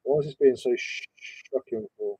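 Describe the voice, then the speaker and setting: A man's voice: mid-range voice, normal speed, dark tone, husky, dry recording, poor audio. A man and reseller streamer rambling casually, bantering with viewers and swearing as he sorts his listings. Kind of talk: casual live-stream chat.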